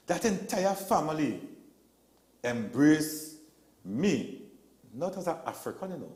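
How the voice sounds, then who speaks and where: A man's voice: mid-range voice, unhurried, long pauses, roomy sound. A man, a guest telling stories in a casual talk show, acting out the people he quotes. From Trinidad and Tobago. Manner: animated storyteller, acts out quotes.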